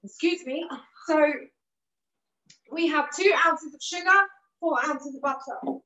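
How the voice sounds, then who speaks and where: This cooking class host runs a live online lesson in her kitchen, her high, fairly bright voice unhurried and steady as she patiently encourages viewers. A slight roughness in her throat brings the odd cough. The mic sits some distance away in a spacious room, leaving the audio dull and muffled.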